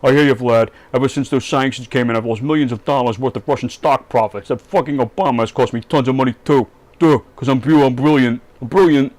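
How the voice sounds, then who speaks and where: A man doing a rough impression of a boastful, brash male American tycoon-politician. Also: mid-range voice, fairly even intonation, fast, darkish tone, lightly acted. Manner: boastful, self-admitted crappy impression.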